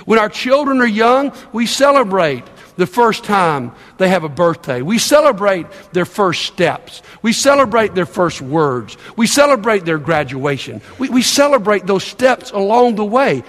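An older man preaching a sermon, telling stories with lively delivery and acting out the voices of the people he quotes. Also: high-pitched, a little slow, few pauses. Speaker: pastor. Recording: long reverb of a large hall.

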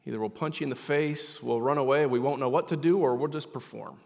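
A man's voice: medium pitch, quick pace, gravelly. Man preaching in a reverberant hall. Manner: dramatic swings from loud emphatic preaching to hushed near-whispers. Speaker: pastor. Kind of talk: sermon.

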